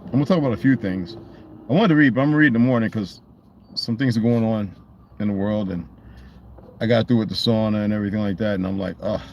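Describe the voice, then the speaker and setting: A man's voice: on the low side, quick pace, muffled recording, a little hiss or hum. A man talking in a loose, rambling monologue, swearing freely and restarting his sentences. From United States. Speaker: channel host.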